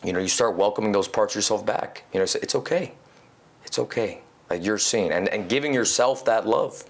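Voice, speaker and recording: A man talking as a podcast guest in casual conversation, animated and swearing casually, peppering his talk with "you know". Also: on the low side, a little fast. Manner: animated, acts out quoted inner voices.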